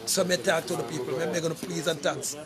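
A man's voice: fairly high pitch, fairly even intonation, fast talker, a crowd in the background. A middle-aged Jamaican man speaking casually to camera, making an emphatic, repetitive appeal and calling out to people again and again. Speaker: vlogger appealing for donations.

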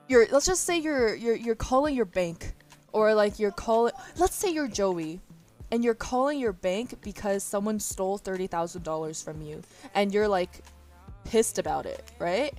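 A woman's voice: medium pitch, a little mellow. A young woman streamer chatting casually with her viewers, rambling, swearing freely and laughing often. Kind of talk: casual chat. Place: indoors near a window. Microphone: iPhone as webcam.

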